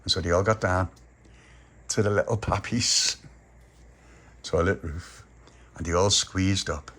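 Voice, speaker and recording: A man's voice: low-pitched, fairly even intonation, measured pace, a bit bright, breathy edge. A man telling a playful improvised story, slipping into character voices and ghostly wails. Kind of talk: improvised bedtime-style storytelling.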